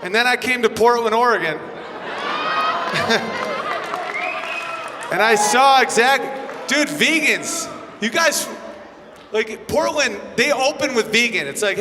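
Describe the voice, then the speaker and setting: A man's voice: high-pitched, a little slow, long pauses. Brash man doing stand-up. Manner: brash, crude, animated storytelling. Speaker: stand-up comedian. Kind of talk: stand-up set with crowd work. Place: comedy club stage before a live audience. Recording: live club recording with hall reverb and crowd noise.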